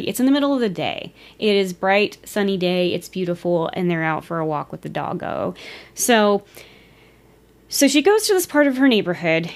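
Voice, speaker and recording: A woman retelling a story in a casual, chatty way, giggling and sometimes losing her place. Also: medium pitch. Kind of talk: casual storytelling of a ghost encounter.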